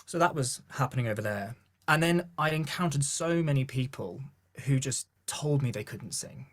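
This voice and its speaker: A man's voice: medium pitch, normal speed. A man with a posh southern English accent, a vocal coach telling stories in a podcast interview and acting out the voices of people he quotes. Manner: animated storyteller who acts out quoted voices. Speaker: vocal coach and gospel choir leader. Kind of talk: podcast interview, relaxed storytelling.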